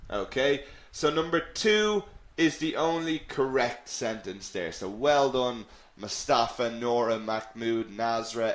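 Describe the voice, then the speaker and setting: A male English teacher with a mid-range, fairly bright voice runs a live online lesson, explaining patiently and often checking in with "okay?" He reads out viewers' names and their questions, and the recording has a roomy echo.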